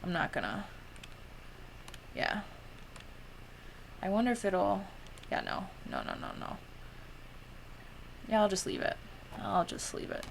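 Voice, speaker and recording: A woman's voice: mid-range voice, very animated, measured pace, vocal fry, pauses often, a little hiss or hum. A young woman streamer chatting casually while editing photos, giggly and tired, full of "like" with a Valley Girl lilt.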